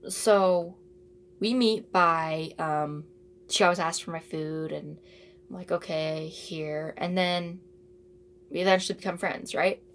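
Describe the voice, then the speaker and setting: A woman's voice: lowish voice, creaky, slight background noise. A teenage girl telling a casual storytime, rambling and chatty with lots of asides and fillers. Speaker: vlogger.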